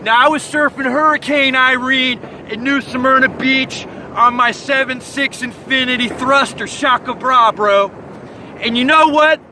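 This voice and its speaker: A young man from Florida rattles through a comic surfer-dude monologue in a very high voice. His tone is bright and forceful, and he talks in hyped slang with shouted sound effects. A faint hiss sits behind him. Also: poor audio. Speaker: comic vlogger.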